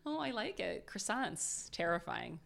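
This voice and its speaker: A woman co-hosts a casual podcast, quick to joke and laugh. Her voice is bright and lively, and her pitch moves around a lot. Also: vocal fry. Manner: chatty, jokey, quick to laugh. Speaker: podcast co-host.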